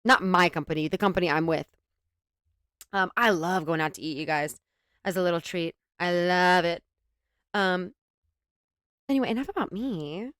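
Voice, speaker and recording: Young woman, reaction host, snarky and profane, smooth clear voice, close and dry. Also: lowish voice, normal speed, pauses often, a bit bright, no echo. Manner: sarcastic, swears freely, giggly. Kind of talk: commentary reacting to a clip.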